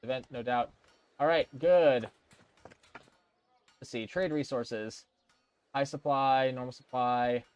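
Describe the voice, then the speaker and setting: A man's voice: medium pitch, takes it slowly, long pauses, darkish tone, clean tone. Man casually narrating a game. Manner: reads game text aloud, thinking aloud with fillers. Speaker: let's play gamer. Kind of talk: casual gameplay commentary.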